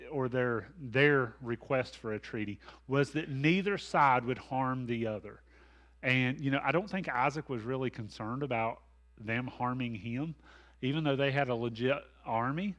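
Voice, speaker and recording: A man's voice: medium pitch, fairly bright tone. A man, a pastor leading a Bible study in a folksy, conversational way with asides. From American South. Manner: folksy, conversational, with asides and self-deprecating humor.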